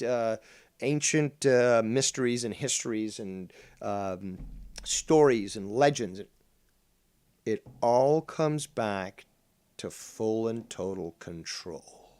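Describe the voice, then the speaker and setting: A middle-aged man hosting a casual call-in show, talking in a calm, droning monotone and cursing bluntly without ever raising his voice. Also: mid-range voice. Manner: calm, never yells, blunt and profane. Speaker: show host.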